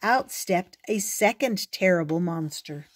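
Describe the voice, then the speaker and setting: An older woman reads a children's storybook aloud, gentle and expressive. Her delivery is very slow and unhurried, each sentence laid out carefully for young listeners. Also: on the low side. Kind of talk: reading a picture book aloud.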